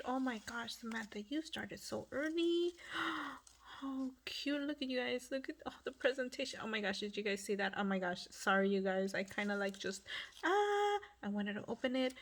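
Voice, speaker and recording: A woman hosting her craft channel, casually opening a mail package and gushing over it with breathy exclamations that at times drop to a whisper. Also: fairly high pitch, lively intonation, normal speed. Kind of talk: casual unboxing vlog.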